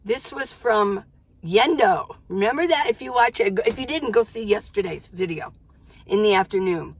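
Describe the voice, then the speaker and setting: A woman's voice: mid-range voice, expressive, normal speed, slightly rough. An older woman, a van life vlogger, talking casually to camera in a chatty, exclamatory way, often breaking off mid-sentence. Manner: chatty, self-interrupting, exclamatory. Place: inside her minivan.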